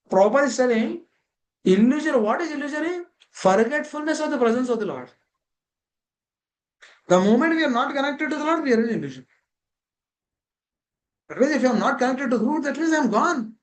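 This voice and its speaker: A man's voice: extremely high pitch, big pitch swings, moderate pace, pauses often, rough recording. A man gives a devotional scripture class over a video call. He keeps asking rhetorical questions and linking ideas with "that means.".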